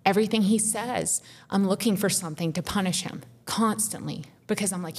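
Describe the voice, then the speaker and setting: A woman's voice: fairly low pitch, fairly even intonation, a little fast, few pauses. A woman co-hosting a podcast, pouring out a raw, intense personal confession with frequent swearing. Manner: raw, intense, profane, rising to tearful. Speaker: podcast co-host.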